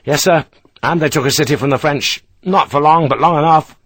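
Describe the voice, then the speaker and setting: A man's voice: a little high, fairly quick, a bit bright, dry recording, voice pushed up. A man voicing a blunt young rifleman officer who answers in short, dutiful replies. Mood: terse. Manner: clipped, dutiful, terse replies.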